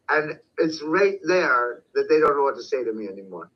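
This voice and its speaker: A man's voice: medium pitch, big pitch swings, moderate pace, few pauses. A man delivering a profane, confrontational monologue as an online commentator. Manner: profane, confrontational, shouting at times. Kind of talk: ranting monologue. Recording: dull lo-fi sound.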